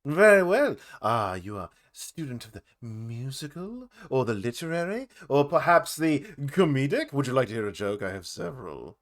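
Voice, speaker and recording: A man's voice: medium pitch, sing-song, normal speed, hardly any pauses, lightly acted. A man doing a smug, flirty halfling bard. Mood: showy. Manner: theatrical, smooth-talking, grandiose self-introductions. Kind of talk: tabletop role-play character voice.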